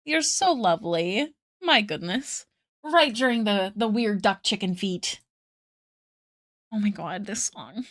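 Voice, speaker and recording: A woman's voice: mid-range voice, animated, slow, long pauses, a bit bright, dry recording, studio quality. A woman art streamer chatting casually with viewers while drawing, giggling often and thanking them effusively.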